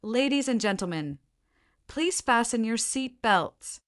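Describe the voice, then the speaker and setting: Woman reading male airline captain, calm, formal, slow announcements, higher voice. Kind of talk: graded reader story narration.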